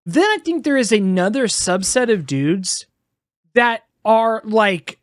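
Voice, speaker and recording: A woman co-hosting a casual comedy podcast, riffing crudely in drawn-out phrases. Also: mid-range voice, animated, no echo, clean studio sound. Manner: drawn-out, crude, laughing riffs. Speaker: podcast co-host.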